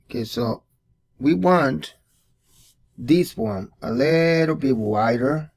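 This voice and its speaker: A man's voice: a little high, lively intonation, slow, creaky, darkish tone. A man hosting a casual drawing tutorial, thinking aloud and repeating words as he sketches. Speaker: art tutorial host.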